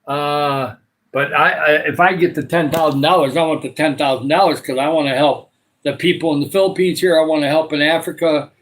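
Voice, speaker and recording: Older Michigan man, livestream host, meandering casual chat, filler-heavy, voice sits a bit high. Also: fairly even intonation, a little fast, a bit bright, a little hiss or hum, rough recording. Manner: rambling, many filler uhs. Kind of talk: casual live chat with viewers.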